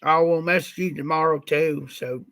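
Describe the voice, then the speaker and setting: A man from Ohio hosts his own livestream and tells a long, winding story, slightly stuffed up from a recent flu. His voice is fairly high and bright with a tense edge. The sound is dry and close, with no room around it. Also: fairly even intonation, moderate pace, no room sound. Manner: rambling, repeats "I said" often. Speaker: livestream host.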